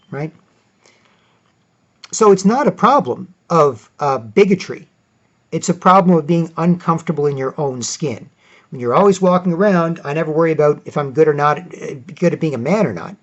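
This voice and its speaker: A man vlogging opinionated commentary, reading out articles with sarcastic asides, rambling, and restarting often. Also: on the high side. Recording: dull lo-fi audio.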